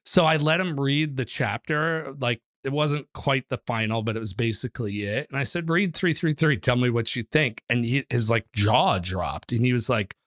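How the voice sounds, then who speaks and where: A man, a numerology author and teacher, talking as a guest in a casual interview and telling stories with lively acted-out quotes. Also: medium pitch, normal speed, few pauses, dry recording, clean studio sound. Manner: animated storyteller, acts out quotes, many fillers.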